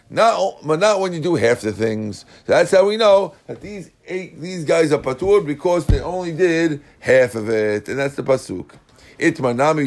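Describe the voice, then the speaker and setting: A man's voice: on the high side, gravelly, a little mellow. A man teaching a casual Talmud class, mixing Hebrew and Aramaic terms into English and often checking that listeners follow. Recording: class recording.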